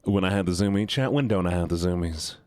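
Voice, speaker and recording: A man's voice: deep voice, fast, a little mellow, no echo, clean studio sound. A male live streamer chatting playfully with his viewers, pleading and teasing. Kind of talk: casual chat with viewers.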